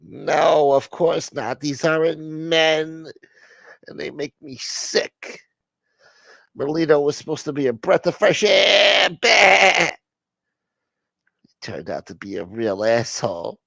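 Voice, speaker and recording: A man's voice: a little high, expressive, slow pace, vocal fry, fairly bright tone, no echo, voice pushed up, exaggerated voice. A man doing a touchy mob boss's son. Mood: disgusted. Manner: touchy, defensive, exclaiming.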